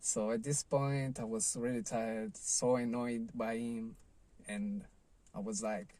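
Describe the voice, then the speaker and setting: A man's voice: mid-range voice, little pitch movement, slow, mellow. A man telling a personal surfing story in a loose, rambling vlog style, full of "like" and "you know". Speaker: surfing vlogger.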